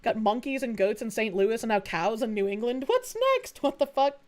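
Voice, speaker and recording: Young woman streamer, high voice, foul-mouthed, animated casual chat, laughs a lot. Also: moderate pace. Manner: swears a lot, laughs often, animated storytelling. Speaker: VTuber streamer.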